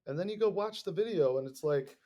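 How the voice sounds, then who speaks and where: A young man hosts his podcast in a loose, rambling monologue, full of swearing. His voice sits a little high and swings between muttered asides and loud bursts. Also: lively intonation, fairly quick. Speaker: podcast host.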